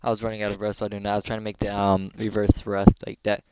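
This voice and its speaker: A man's voice: on the low side, monotone, very fast, heavy background noise. A young man hosting a casual gameplay video, rambling and chatty with frequent giggles. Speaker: gaming channel host. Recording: dull lo-fi dry mic.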